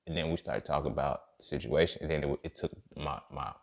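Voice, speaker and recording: A man's voice: very deep voice, fast, gravelly. A man hosting a podcast, telling a personal story in a loose, slangy, profane way and often checking in with "you feel me.". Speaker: podcast host. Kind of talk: casual storytelling monologue.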